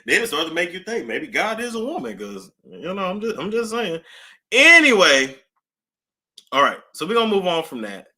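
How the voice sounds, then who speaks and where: A woman hosting a casual celebrity gossip talk, animated, with nervous laughter and dramatic gasps. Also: lowish voice, normal speed.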